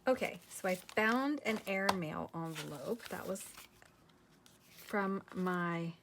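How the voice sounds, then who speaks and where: A soft-spoken woman with a fairly low voice chats her way through a crafting project, tired and unhurried. She often drifts into a near whisper as she works. Faint background noise and small clicks sit under her voice. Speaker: crafting video host. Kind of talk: casual crafting chat.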